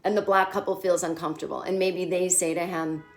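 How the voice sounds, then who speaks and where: A woman comedian hosting a casual comedic TV recap, animated and sarcastic, who swears freely. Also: fairly low pitch, brisk.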